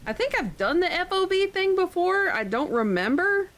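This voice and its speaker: A woman's voice: very high-pitched, very animated, moderate pace, fairly bright tone, low-quality recording. A woman streaming live, chatting casually in a rambling way, with occasional swearing.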